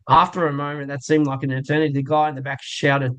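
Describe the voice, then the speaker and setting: A man with an Australian accent co-hosting a sports show, telling a joke and signing off in a steady, measured way. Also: on the high side, rough recording. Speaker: co-host.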